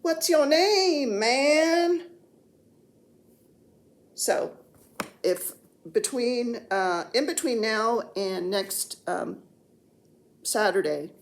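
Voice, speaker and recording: A woman's voice: medium pitch, vocal fry, a little hiss or hum. A woman in her sixties chatting casually as a cross-stitch vlogger, rambling and joking while seated on the floor at home. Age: 60s. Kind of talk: casual chat.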